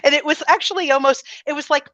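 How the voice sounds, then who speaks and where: A woman's voice: high-pitched, fast, lo-fi sound. Giggly woman telling a story. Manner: giggly, animated storyteller with many restarts. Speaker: guest. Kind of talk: casual chat.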